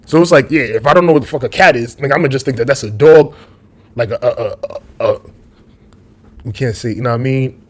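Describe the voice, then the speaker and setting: A man with a Brooklyn accent giving a rambling, slangy opinion monologue, swinging between loud bursts and muttered asides. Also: medium pitch, lively intonation, brisk, husky. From Brooklyn, New York. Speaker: vlogger.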